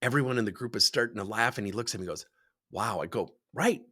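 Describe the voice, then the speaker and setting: Racing along in a fairly low voice, a man who coaches leaders speaks to camera about his work. He tells workplace stories with animation, acting out the dialogue.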